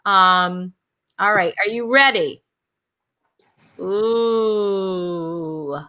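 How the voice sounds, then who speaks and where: A woman's voice: a little high, expressive, a little slow, sharp tone. A woman hosting a casual comedy game show, chatty and laughing often.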